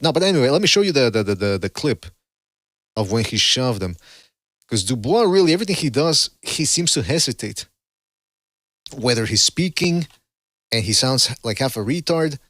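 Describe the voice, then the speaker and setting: A man's voice: medium pitch, a bit bright, dry recording. Male podcast host, casual and rambling, dry close sound. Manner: rambling, blunt and profane, with many fillers. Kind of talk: casual call-in show commentary.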